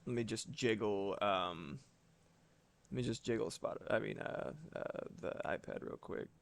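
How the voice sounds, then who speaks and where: A man's voice: fairly low pitch, measured pace, vocal fry. A man streaming live from home, chatting casually with his audience and swearing now and then.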